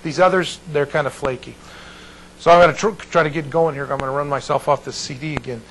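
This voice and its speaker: Man teaching Bible to a small class, rambling with restarts, slightly high voice, faint noise behind. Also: fairly even intonation, quick pace, fairly bright tone, rough recording. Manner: digressive, restarts often, checks in with the class.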